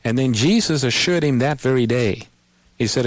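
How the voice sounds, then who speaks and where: A man's voice: medium pitch, normal speed, no echo. A man hosting a radio Bible call-in program, patiently explaining scripture to a caller and quoting verses.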